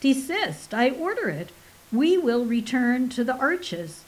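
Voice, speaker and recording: A woman's voice: high-pitched, very animated, slow pace, full character voice, poor audio. A callous male alien barks orders and sneers at his rival in a raised, haughty voice, as a woman narrator puts him on. He sounds bossy and unfeeling, a storybook villain. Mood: commanding. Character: arrogant, callous male alien invading a man's mind.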